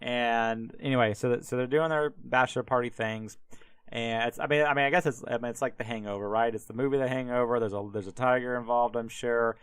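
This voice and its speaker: A man's voice: medium pitch, steady tone, a little fast, a bit bright, clear, resonant tone, no room sound. A man hosting a podcast, retelling a Bible story in a casual, irreverent way with swearing and many fillers. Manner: irreverent, profane, heavy on fillers. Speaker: podcast host.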